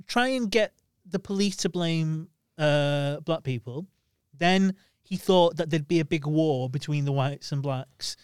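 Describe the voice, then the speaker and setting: English guy on a podcast, stumbles and repeats himself a lot, smooth voice, kinda high. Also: no echo, studio quality. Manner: halting, repeats words while explaining. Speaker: podcast co-host. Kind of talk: casual chat.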